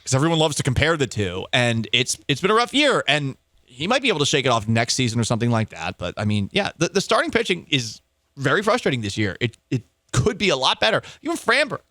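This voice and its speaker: Male sports radio host, sarcastic, emphatic, lively swings in pitch, bright tone, dry studio sound. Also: quick pace, no echo. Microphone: studio microphone.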